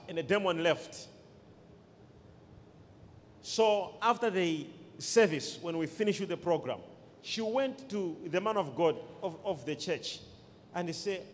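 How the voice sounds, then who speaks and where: A man's voice: high-pitched, moderate pace. A man preaching a sermon as pastor, with emphatic call-and-response to the congregation. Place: church. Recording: long hall reverb.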